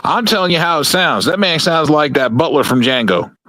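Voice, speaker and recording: A man's voice: on the high side, expressive, a little fast, pushed and bright, dry recording, rough recording. A man in a casual chat, blunt, profane and sarcastic.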